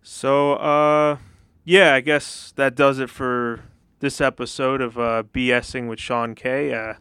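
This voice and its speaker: Smooth-voiced young man hosting. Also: medium pitch, takes it slowly, no echo, studio quality. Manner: relaxed, hesitant with many fillers. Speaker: podcast host. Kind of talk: casual interview chat.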